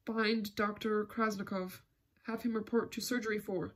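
Brief: young overworked male internist, hurried, husky, read by a woman. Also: medium pitch, flat delivery, close to an everyday voice.

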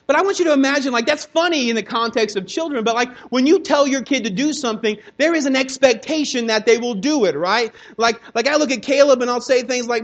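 A man with a notably high voice delivers a sermon in a loose, chatty style. He acts out quick quoted voices of his kids and of doubting churchgoers, then drops back to his own preaching tone. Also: dull audio. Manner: conversational preaching, acts out kids' and congregants' voices. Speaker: pastor.

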